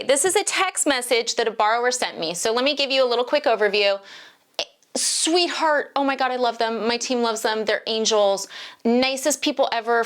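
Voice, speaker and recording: A middle-aged woman, a mortgage loan officer, telling a true story to camera in an animated, exasperated way. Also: fairly high pitch. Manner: animated, exasperated, talks straight to viewers.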